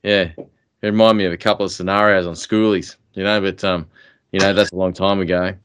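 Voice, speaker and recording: A man's voice: low voice, level tone, a little fast, a bit bright, clean tone, dry recording. A man, chatting casually on a podcast, musing aloud and calling his co-host mate. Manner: musing, calls people mate. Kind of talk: casual chat.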